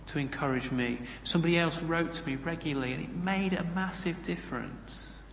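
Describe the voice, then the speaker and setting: A man's voice: on the high side, fairly bright tone, slight background noise. A man preaching a sermon in a conversational way, with humorous asides. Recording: echoey hall, roomy reverb.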